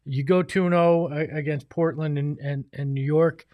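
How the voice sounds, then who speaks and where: A man's voice: a little high, fairly even intonation, moderate pace, no echo, muffled recording. A young man co-hosting a casual sports podcast, self-deprecating and rambling, often restarting his sentences.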